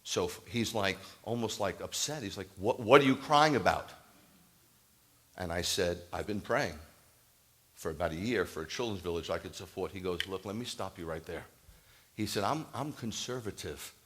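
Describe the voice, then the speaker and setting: A Messianic rabbi telling a story in a sermon to a live congregation, acting out the dialogue and building to emphatic preaching. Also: male voice, deep voice, moderate pace. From United States. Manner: animated, acts out quoted dialogue, rises to emphatic preaching. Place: congregation hall, addressing a live audience.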